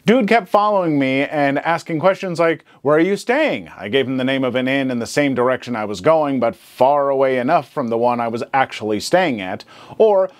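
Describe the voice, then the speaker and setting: A man's voice: medium pitch, brisk. A man reading online stories aloud, adding sarcastic commentary between them. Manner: animated, sarcastic asides. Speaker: story narrator.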